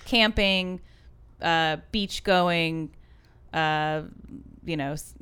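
A woman's voice: sits low, very slow, a bit bright, smooth. A woman co-hosting a casual chat about ads, talking loosely with lots of fillers and restarts. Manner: chatty, many fillers and restarts. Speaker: podcast co-host.

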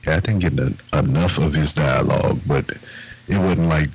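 Deep husky man telling an animated story. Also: moderate pace. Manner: animated, acts out dialogue, stammers on restarts. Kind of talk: casual storytelling with swearing.

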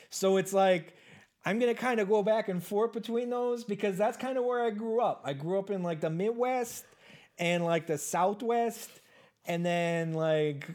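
A performer playing a rambling baby-boomer man in his seventies at an awkward interview, talking haltingly with lots of fillers. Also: a little mellow, lightly acted. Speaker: interview guest. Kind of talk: improvised comedy interview.

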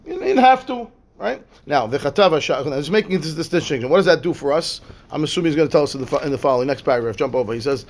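Rabbi guy teaching talmud, high voice, reads hebrew then explains, lots of "right?". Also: animated, racing. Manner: repeats words and restarts, asks "right?" often. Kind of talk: lively Torah class, reading Hebrew text and explaining.

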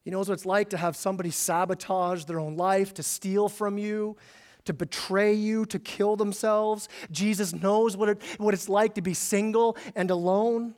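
Male pastor, higher pitched, conversational sermon delivery with stammered repeats for emphasis. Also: fairly even intonation, normal speed, a little mellow.

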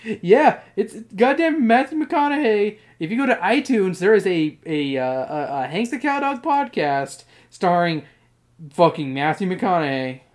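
A man's voice: high voice, very animated, measured pace. A man hosting a podcast in casual chat, rambling and swearing often, with frequent laughs. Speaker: podcast host.

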